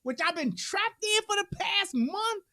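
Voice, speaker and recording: High, lively woman ranting with laughter. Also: a little slow, dry recording, studio quality. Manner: animated storytelling, swearing, laughing asides. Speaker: reaction commentator. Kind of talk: profane comedic reaction commentary.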